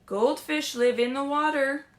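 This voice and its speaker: Woman children's librarian, fairly high voice, unhurried sing-song story time read-aloud. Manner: sing-song, animated storytelling with questions to kids. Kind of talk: reading picture books aloud to children. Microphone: streamed live.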